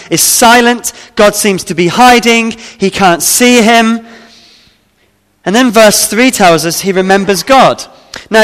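A man's voice: sits high, a bit bright, in a large hall. A man preaching a sermon, reading scripture aloud and then explaining it with frequent fillers and restarts. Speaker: pastor.

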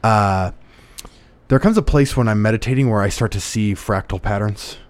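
A man's voice: on the low side, normal speed, no room sound. A man talking in a casual conversation, reflective and storytelling, with frequent restarts.

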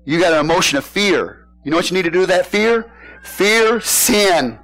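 A middle-aged man preaching a sermon as pastor, in a casual folksy way, asking his congregation questions and now and then shouting a point. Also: high voice, fast talker, low-quality recording. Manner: casual folksy phrasing, bursts into shouted emphasis.

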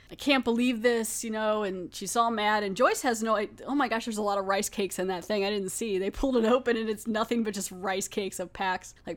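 A woman hosting a podcast, talking through an episode in a loose, chatty way with lots of "like" and "um". Her pitch sits in a middle range. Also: fairly bright tone. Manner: chatty, laughing, many fillers. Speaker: podcast host. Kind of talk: casual episode recap.

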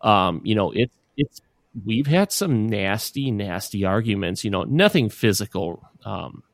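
A man's voice: on the low side, expressive, measured pace, dry recording. A man in his thirties co-hosting a podcast, rambling in casual chat with lots of fillers. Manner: rambling, many fillers and restarts. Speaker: podcast co-host.

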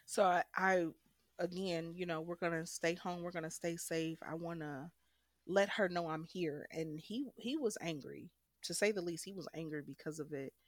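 A woman's voice: fairly low pitch, moderate pace, no room sound, studio quality. A young woman frankly and emphatically telling a personal story as a guest.

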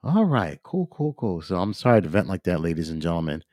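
A man's voice: low-pitched, big pitch swings, brisk, darkish tone, dry recording, studio quality. A man hosting a podcast by himself, ranting in a repetitive, emphatic way with frequent fillers. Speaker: podcast host. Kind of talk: casual solo podcast rant.

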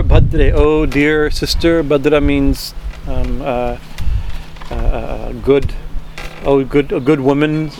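A man teaching a verse-by-verse scripture class, chanting Sanskrit words slowly and then translating them, with many fillers and restarts. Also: medium pitch, darkish tone, a little hiss or hum.

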